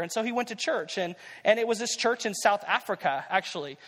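A man's voice: sits high, lively intonation, brisk, few pauses, a bit bright, in a large hall. A man preaching a sermon as pastor, conversational and repeating key phrases for emphasis.

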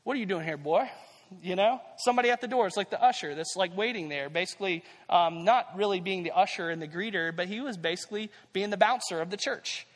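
Guy preaching in a church, kinda high voice, echoes a lot, says things twice to drive them home. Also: fast talker, hardly any pauses. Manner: conversational, repeats key phrases for emphasis. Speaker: pastor. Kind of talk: sermon.

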